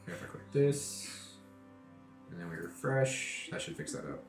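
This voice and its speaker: A man's voice: mid-range voice, big pitch swings, normal speed, creaky, roomy sound, faint music behind. A man running a tabletop game who chats casually and explains the rules patiently. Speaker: game master.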